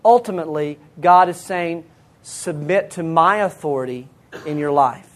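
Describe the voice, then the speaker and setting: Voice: mid-range voice, normal speed. A Bible teacher giving an earnest sermon to women, speaking to them directly and reading scripture passages aloud.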